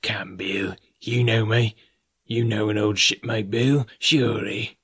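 A man reading an audiobook, voicing a sly, fawning middle-aged male pirate in a husky, wheedling way. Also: fairly low pitch, fairly even intonation, takes it slowly, a bit bright, no room sound, studio quality, heavily acted. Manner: wheedling, half fawning, half sneering. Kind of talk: audiobook character voice.

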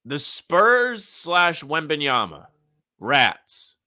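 A young man with a bright voice whose pitch swings widely. He co-hosts a casual sports podcast and cracks sarcastic, wry jokes. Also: wildly swooping pitch, extremely slow. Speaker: podcast co-host.

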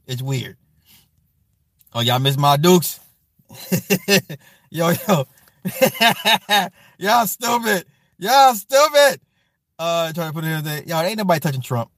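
A man's voice: mid-range voice, dry recording, studio quality. A man hosting a casual livestream, reading comments in a loose, profane way and often repeating apologies and fillers.

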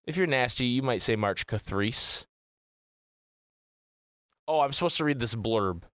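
A man's voice: mid-range voice, animated, a little slow, fairly bright tone, dry recording, clean studio sound. A man co-hosting a gaming podcast in casual chat, rambling and swearing freely. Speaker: podcast co-host.

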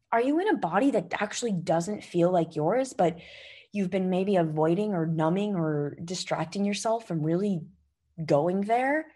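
A woman with a medium-pitched, slightly rough and somewhat mellow voice hosts a podcast, speaking into a podcast mic. She delivers an emphatic motivational talk, coaching listeners directly and swearing freely.

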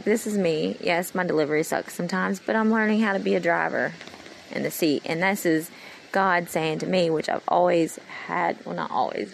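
Gravelly woman rambling earnestly. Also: lowish voice, slight background noise, poor audio. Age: 30s. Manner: meandering, earnest, heartfelt. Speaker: vlogger. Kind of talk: rambling personal monologue.

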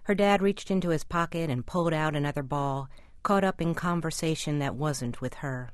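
A woman with a very low voice reads her own commentary slowly and reflectively. The recording is dry and close, with no room sound. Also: no room sound. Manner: reflective, measured reading. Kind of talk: scripted personal essay.

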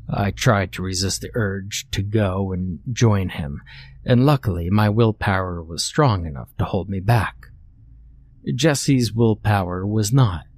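A man narrating a scary story in a deadpan, mock-serious way. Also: on the low side, husky. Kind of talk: scripted horror story narration.

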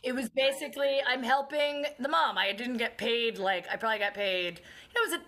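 A woman in her thirties with a bright, forceful voice, telling lively stories on a podcast. She acts out scenes and breaks into sudden screams. Her voice sits a touch high. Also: fairly quick. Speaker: guest comedian. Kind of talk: casual podcast chat.

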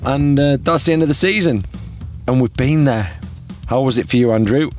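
A man's voice: mid-range voice, moderate pace, darkish tone, faint music behind. A man with the hiccups, a little drunk, giving dry, wry replies while chatting in a car outside a football ground. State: hiccupping and tipsy. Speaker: podcast co-host. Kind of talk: casual matchday chat.

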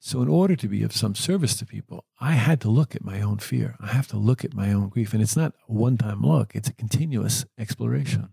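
A man with a low, gravelly, husky voice recounts his caregiving work in a gentle, earnest manner. The sound is dark and dry, close to the mic. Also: a little fast, few pauses, dry recording. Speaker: end-of-life caregiver. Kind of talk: reflective storytelling.

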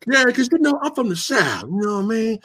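A man's voice: very high-pitched, sing-song, fairly quick, a bit bright, husky, full character voice. A man putting on the voice of a drawling, slangy male action-star tough guy. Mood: taunting. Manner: mumbled streetwise slang, lazy drawl.

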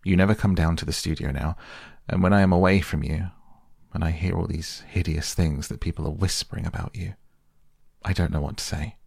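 Grave, earnest painter voiced by a man reading aloud: very deep and gravelly, softly read for a bedtime audiobook. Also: steady tone, fairly quick, no echo, studio quality, full character voice. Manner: earnest, pleading.

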